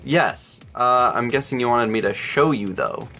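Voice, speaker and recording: Young man, mid-pitch, playful self-mocking vlog Q&A host. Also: normal speed, loud music behind the voice. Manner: joking, self-deprecating. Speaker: YouTuber answering viewer questions. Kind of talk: casual Q&A vlog.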